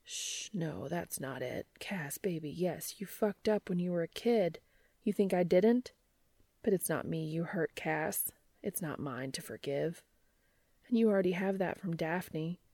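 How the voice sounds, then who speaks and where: Hushed, gravelly young man read by a woman, slow and soothing, audiobook. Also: on the low side, no echo. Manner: hushed, half-whispered. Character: gruff young man, comforting lover.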